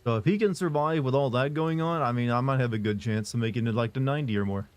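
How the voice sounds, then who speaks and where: A man streaming live who answers chat in a casual, monotone, rambling way, full of fillers and restarts. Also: mid-range voice, fast talker. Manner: monotone, flat delivery.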